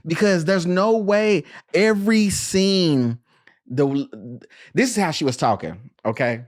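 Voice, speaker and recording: A podcast host in casual film review chat, animated and joking with quick asides. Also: medium pitch, dry recording, studio quality.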